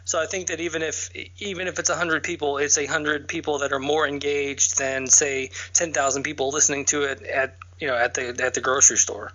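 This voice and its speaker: A fairly high, bright male voice in easygoing podcast chat, agreeable and quick to chime in. The recording sounds dull and lo-fi, a bit muffled. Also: level tone. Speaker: podcast host.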